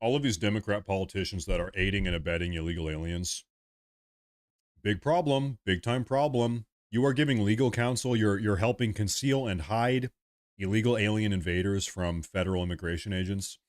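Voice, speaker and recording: A man's voice: lowish voice, a little fast, no room sound, clean studio sound. Exasperated man ranting on a livestream. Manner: blunt, exasperated, repetitive. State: worn out. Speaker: livestream host. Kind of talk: ranting live commentary.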